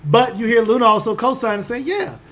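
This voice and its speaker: A man from Chicago running a tabletop game, animated and emphatic with casual profanity. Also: very high-pitched, fast talker. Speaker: game master. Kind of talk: tabletop game narration and banter.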